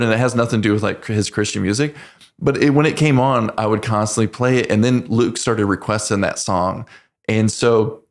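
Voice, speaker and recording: A man in his forties, a veteran guest on a podcast, telling his story in earnest, halting speech with many restarts. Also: fairly low pitch, gravelly. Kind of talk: casual storytelling interview.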